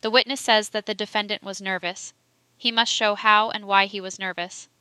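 A woman's voice: medium pitch, steady tone, moderate pace, sharp tone, clean tone, dry recording, close to an everyday voice. A woman reading the lines of a stern male trial judge who rules firmly.

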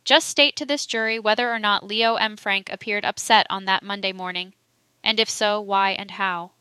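A woman's voice: medium pitch, steady tone, moderate pace, sharp tone, smooth, no room sound, lightly acted. A woman reading as an insistent male solicitor. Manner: pressing, emphatic questioning.

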